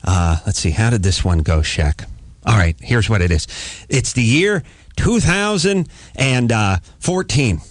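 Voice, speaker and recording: A man's voice: expressive, measured pace, no room sound. A man hosting a comic talk radio show, riffing and joking with a guest. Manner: joking, riffing, mock high voice for quotes. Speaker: radio host.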